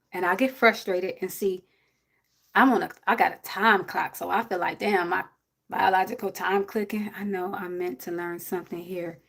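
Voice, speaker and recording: A woman, giving blunt, preachy advice to a viewer on a casual livestream. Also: medium pitch. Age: 40s.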